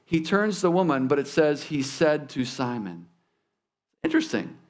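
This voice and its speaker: Guy preaching a sermon, kinda high voice, talks to the congregation like a chat. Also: sing-song, moderate pace. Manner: conversational preaching with asides to the congregation. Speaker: pastor. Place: church sanctuary.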